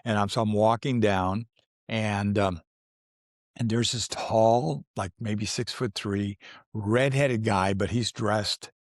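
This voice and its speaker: A man's voice: on the low side, fairly even intonation, slow, no echo, clean studio sound. A man in his sixties, an actor as a guest, telling stories in a casual interview, rambling, restarting often and laughing as he goes. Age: 60s.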